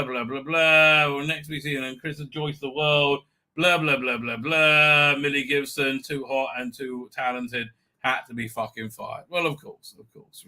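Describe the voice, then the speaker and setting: Sarcastic commentary from a livestream host comes in a slightly high, sharp-toned voice. He curses constantly, mocks crudely, and breaks into jeering voices.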